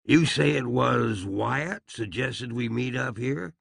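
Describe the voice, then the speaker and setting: Man voicing old outlaw father, drawling, scheming, gravelly, storybook western. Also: medium pitch, slow, fairly bright tone, no echo, exaggerated voice. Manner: drawling frontier speech. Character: gruff old male outlaw patriarch, scheming.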